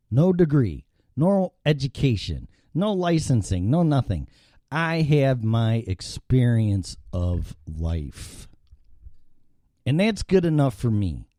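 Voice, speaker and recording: A man's voice: mid-range voice, warm tone, dry recording. A man hosting a live opinionated talk show from an indoor studio, rambling and swearing freely. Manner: profane, rambling and ranting.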